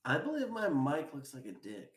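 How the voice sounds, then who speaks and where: A young man co-hosting a podcast, goofy and excitable, repeating himself for laughs. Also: on the high side, moderate pace, echoey room. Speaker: podcast co-host. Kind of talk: casual banter.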